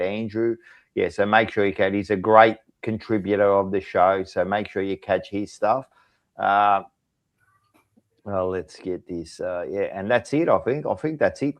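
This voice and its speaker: A man's voice: on the low side, no room sound, dull audio. A man hosting a footy podcast, chatting loosely, laughing and plugging a radio show. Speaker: podcast host. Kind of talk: casual banter and show plugs.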